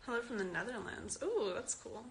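Here the teenage Canadian actress sounds high and very animated, speaking at a moderate pace with a little hiss or hum in the audio. She's fourteen, giggling and chatting as she reads out fan questions on a live stream from a phone at arm's length.

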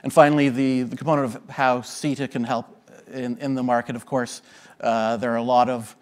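A man with an Irish accent, a diplomat, giving a trade presentation with many hesitations. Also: medium pitch. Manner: hesitant, with many filler sounds.

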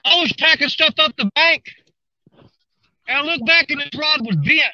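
High, bright man fishing live. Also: moderate pace, no echo, muffled recording. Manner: excited, drawling, talks to viewers while reeling. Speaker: fishing livestreamer. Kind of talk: excited live commentary while fishing. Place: outdoors on a river bank.

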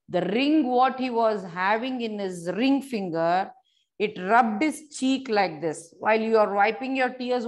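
A woman teacher, reading a story aloud to young children and explaining each word simply. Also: mid-range voice. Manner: repeats and explains words simply, addresses children directly.

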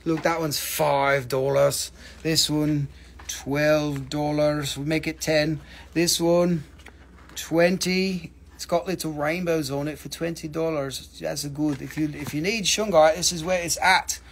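A man with a notably high voice runs a live crystal sale, jumping from price to price in loose patter. He jokes around constantly and swears freely, rambling as he goes. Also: steady tone, a little slow, creaky, a little hiss or hum. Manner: joking, profane, rambling. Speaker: livestream crystal seller.

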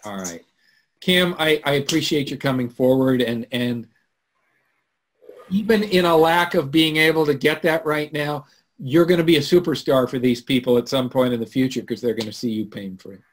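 A man hosting a live webinar, telling a story in an animated way that swings from loud to hushed. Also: medium pitch, normal speed. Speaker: webinar host. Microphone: computer mic on a video call.

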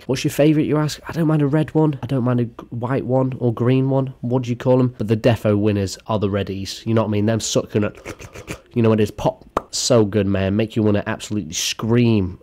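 A man's voice: on the low side, a little mellow. A man doing a crude, sarcastic comedic reaction commentary as a YouTuber.

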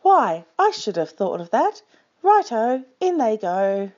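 Woman reader doing a crafty male dingo cook from a storybook, slow sing-song chanting, muffled lo-fi sound. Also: a little high, sing-song, darkish tone, heavily acted. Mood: gleeful.

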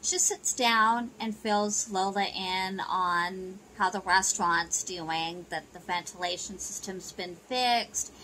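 Poor audio with a little hiss or hum carries a woman's sharp, medium-pitched voice as she casually recaps a soap opera episode. She keeps it chatty and loose, full of "you know" and "she goes."

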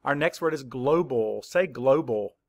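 A man teaching a spelling lesson to young children, spelling out letters slowly and patiently. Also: medium pitch, lively intonation, no room sound, clean studio sound. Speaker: third-grade teacher.

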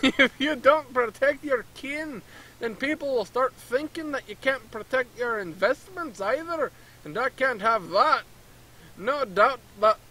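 A man's voice: very high voice, pushed and bright, breathy edge, exaggerated voice, poor audio. A man voicing a scheming middle-aged merchant in a mock Canadian accent, reading game dialogue aloud with a hammy, conspiratorial manner. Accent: mock Canadian, tagging "eh" onto lines.

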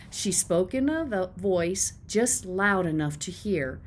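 Expressive woman reading a children's book. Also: low-pitched, slight background noise. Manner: expressive storytelling with voices. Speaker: teacher. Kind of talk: children's book read-aloud.

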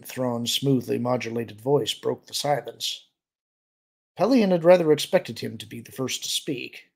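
A man's voice: mid-range voice, normal speed, creaky, darkish tone, slightly rough. A man narrating a novel as an audiobook reader, reading steadily.

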